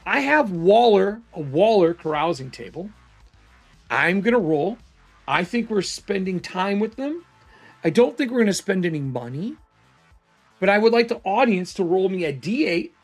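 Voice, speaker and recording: A man's voice: high voice, big pitch swings, a little slow, vocal fry, faint music behind. A man narrating a solo tabletop game casually, thinking aloud as he rolls dice.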